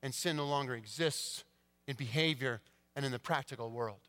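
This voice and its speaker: A male pastor preaching a sermon, swinging between hushed, quiet passages and emphatic, rising declarations. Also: mid-range voice, moderate pace. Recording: long church-hall reverb.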